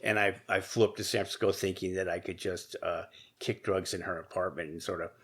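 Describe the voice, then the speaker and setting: A middle-aged man, a podcast guest, telling his own story candidly, profanely and haltingly, with many restarts. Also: low-pitched, fairly even intonation, fairly bright tone, breathy edge. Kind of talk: casual storytelling interview.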